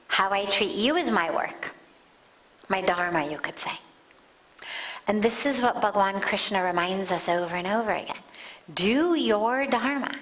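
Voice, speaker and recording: Slow-spoken woman teaching spirituality. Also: medium pitch, poor audio. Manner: slow, deliberate, drops to soft near-whispers. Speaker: spiritual teacher answering questions. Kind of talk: spiritual discourse. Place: satsang hall.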